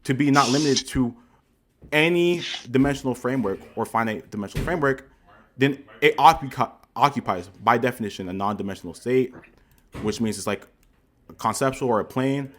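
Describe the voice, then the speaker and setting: A man's voice: medium pitch, a little fast, a bit bright, a little hiss or hum. A man in a debate laying out dense, jargon-heavy arguments in a lecturing way. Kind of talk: heated online debate.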